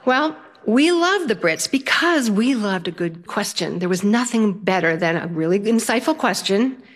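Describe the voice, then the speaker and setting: An older woman tells a personal story in a lively, playful way, laughing as she goes. Her voice sits at a middling pitch. She swings between wry asides and bright, rising emphasis. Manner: animated, playful, laughing through the telling. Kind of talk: personal story told to an audience.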